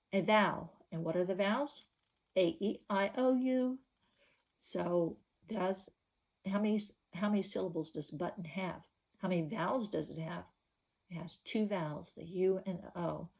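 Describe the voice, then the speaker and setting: A woman's voice: medium pitch, vocal fry, darkish tone. A woman teacher giving a reading lesson to young children, patiently asking questions to prompt the class.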